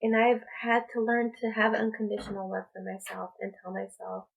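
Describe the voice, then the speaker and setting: A woman speaking as a spiritual coach in a personal vlog, talking in a slow, halting, reflective way. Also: mid-range voice, fairly even intonation, creaky, narrow, tinny audio. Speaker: spiritual coach and tarot reader.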